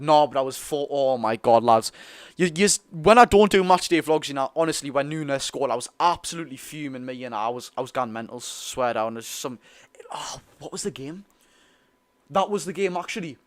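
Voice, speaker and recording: A young man from North East England speaks with a Geordie accent in a voice on the high side, recorded without echo. He's a football fan streamer, chatty and excitable during a live watch-along, reading viewers' chat aloud.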